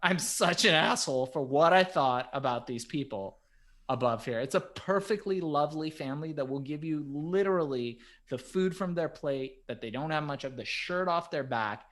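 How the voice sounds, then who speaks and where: A man co-hosting a podcast, telling stories in a vivid, animated way with plenty of fillers. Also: medium pitch. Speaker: podcast co-host. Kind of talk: casual storytelling chat.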